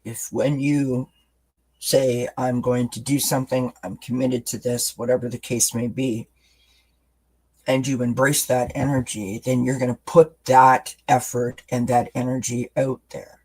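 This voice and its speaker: A man's voice: mid-range voice, level tone, a little slow, darkish tone, slightly rough, rough recording. Chatty, rambling male tarot reader. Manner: rambling and chatty, with many restarts; talks directly to viewers as friends. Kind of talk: live-streamed tarot reading chat.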